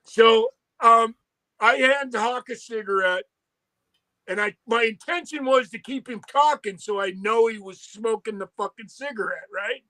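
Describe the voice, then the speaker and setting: A man with a notably high speaking voice tells a story in a loose, profane way. He jumps into the voices of the people he quotes, then drops back into easy chat as a co-host. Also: a little slow, pushed and bright, dry recording. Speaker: podcast co-host.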